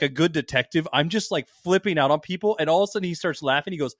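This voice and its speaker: A man co-hosting a podcast, telling stories in loud, heated rants with heavy swearing. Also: fairly high pitch, expressive, fast talker, few pauses, no room sound, clean studio sound. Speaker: podcast co-host. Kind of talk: casual podcast banter.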